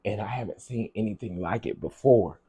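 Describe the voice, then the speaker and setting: Low mellow guy on a livestream, talkin to chat, repeats stuff, gets kinda teary. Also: fairly quick, breathy edge. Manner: chatty, greets viewers by name, repeats himself; heartfelt, on the edge of tears at times. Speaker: livestream host reading viewer comments.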